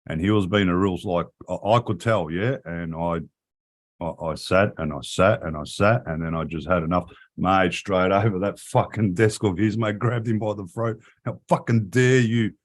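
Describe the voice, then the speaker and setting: Low-voiced man swearing freely. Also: steady tone, moderate pace. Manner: crude, profane storytelling with frequent swearing. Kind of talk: casual chat.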